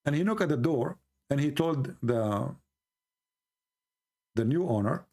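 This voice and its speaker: A man's voice: medium pitch, lively intonation, a little slow, long pauses, a little mellow. A man giving argumentative commentary, telling a folk tale and mocking his opponents as he acts out their voices.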